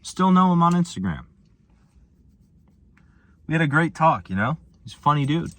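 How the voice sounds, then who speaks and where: A young American man telling travel stories and ranting about boredom in a loose, slangy vlog style. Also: normal speed. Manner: animated, slangy, swings from low mumbles to high exclamations. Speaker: vlogger. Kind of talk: casual storytelling rant.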